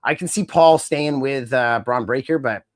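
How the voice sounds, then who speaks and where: A man co-hosting a podcast in casual wrestling chat, animated and acting out wrestlers' lines in mimicking voices. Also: mid-range voice, moderate pace, dry recording. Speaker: podcast co-host.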